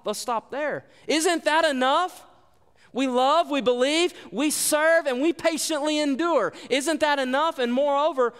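A man's voice: very high-pitched, smooth, in a large hall. A male pastor delivering a sermon, emphatic and repetitive, asking the congregation rhetorical questions.

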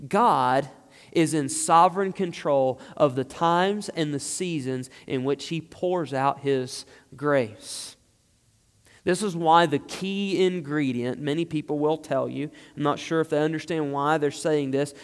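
A man's voice: fairly high pitch, unhurried, big-room sound. A man preaching a sermon, building emphatically into fervent, pleading passages. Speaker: pastor.

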